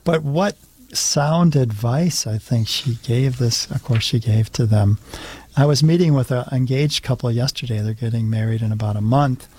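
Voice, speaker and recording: Husky-voiced priest co-host. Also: male voice, medium pitch, moderate pace, darkish tone. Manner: reflective, pastoral. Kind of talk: radio talk show chat.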